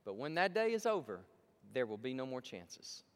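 At a moderate pace and medium pitch, a male pastor delivers an emphatic sermon in a large sanctuary, shifting from quiet pleading to loud excitement. His tone is clean, with a big-room sound.

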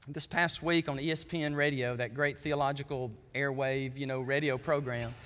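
A preacher tells stories in a sermon and keeps turning to his listeners with asides. His voice sits high and bright. A long church reverb trails each phrase. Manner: animated storytelling with asides to the audience. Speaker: pastor.

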